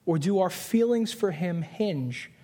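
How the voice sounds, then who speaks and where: A young man preaching from a pulpit, his voice sitting a little high for a man. He tells stories with animated put-on voices and quick asides, then turns earnest and repeats his key lines for emphasis. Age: 20s. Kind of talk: sermon.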